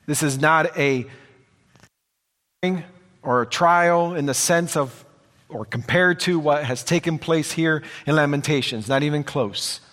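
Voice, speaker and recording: A male preacher delivers a sermon at an unhurried, deliberate pace. He sounds earnest and leans on repeated phrases for emphasis. His voice rings out with a long reverb tail, as if in a large hall. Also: on the high side, a bit bright.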